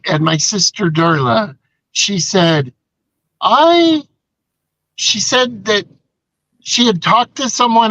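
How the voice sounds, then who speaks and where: A man's voice: high-pitched, vocal fry, a bit bright, dry recording, muffled recording. An older man co-hosting a casual live show, rambling through stories and reading out viewer comments. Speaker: co-host. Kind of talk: casual live-stream chat.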